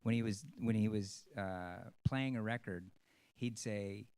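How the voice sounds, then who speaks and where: A man, a stage actor, giving an earnest, rambling personal talk to an audience, with many pauses and ums. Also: fairly low pitch, darkish tone, smooth.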